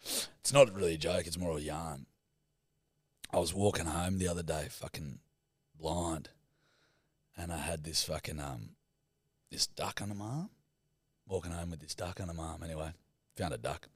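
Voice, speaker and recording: A man's voice: low voice, moderate pace, pauses often, husky, no room sound, studio quality. A man co-hosting a podcast, swearing constantly and telling crude yarns in casual banter. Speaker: podcast co-host.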